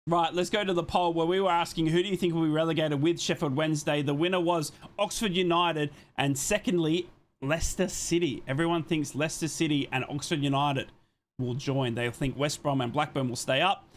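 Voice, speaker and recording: A man streams a live football watchalong in a loose, conversational way. He switches between calling the action on the pitch and answering viewers' comments, and he is quick to apologize when he thinks he has been too blunt. His voice sits at an ordinary middle pitch for a man. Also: a little hiss or hum. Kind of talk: casual live match commentary and chat.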